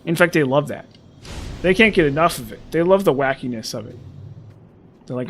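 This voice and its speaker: A man's voice: on the high side, animated, fairly quick, pauses often, slight background noise. A man giving casual, rambling and sarcastic commentary while playing a video game. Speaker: gameplay commentator.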